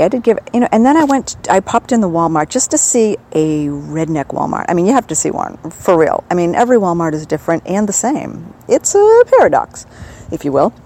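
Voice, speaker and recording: A woman's voice: lowish voice, darkish tone, poor audio. A woman from the northern United States, chatting in a digressive, self-amused way into a handheld recorder for her audio diary. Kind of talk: rambling personal audio diary.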